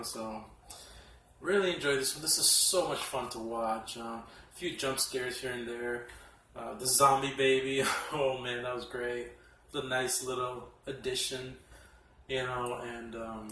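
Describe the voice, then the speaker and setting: A man casually reviewing horror films from his collection, excitable and profane, often laughing as he talks. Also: mid-range voice, background noise. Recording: echoey room, mic at a distance.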